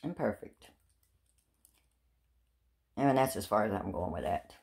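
A woman's voice: rumbling low, expressive, a little fast, darkish tone. A middle-aged woman, rambling chattily to her phone camera in a casual vlog. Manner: rambling and chatty, with repeated words and self-mocking laughs. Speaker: vlogger. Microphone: handheld phone.

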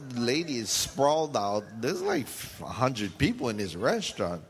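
A man preaching a sermon, telling a funny story and jumping into high squealing voices for the people in it. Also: moderate pace, few pauses, a little hiss or hum. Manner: animated, jumps into high squealing voices for the people in his stories.

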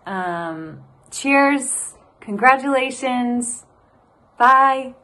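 A woman speaks slowly and fondly in a casual video message. She pauses on soft fillers between her wishes. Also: sits high, lively intonation. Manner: warm-hearted, with soft fillers.

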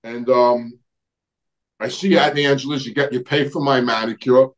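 A man's voice: medium pitch, fairly even intonation, normal speed, rough recording. A middle-aged man, telling old neighborhood stories in a rambling way, restarting sentences and searching for names. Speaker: guest recounting family history. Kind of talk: casual storytelling conversation.

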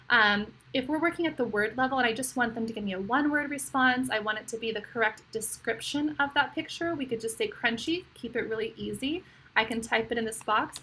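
A woman's voice: a little high, sharp tone, breathy edge, poor audio. A woman speech therapist demonstrating a classroom game in a casual, encouraging tutorial, often checking in with "right?" and "okay?". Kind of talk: casual screen-share tutorial.

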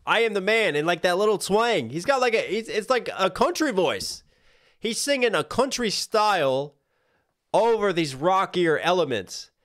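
A man hosting a casual live reaction stream, talking in jokey, animated asides over the song he is playing. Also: sits high. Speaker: livestream music reactor.

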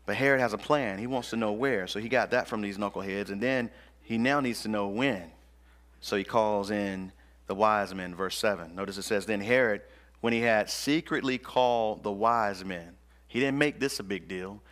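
A man's voice: fairly low pitch, moderate pace, fairly bright tone. A male pastor preaching a sermon in an emphatic, colloquial, slangy manner.

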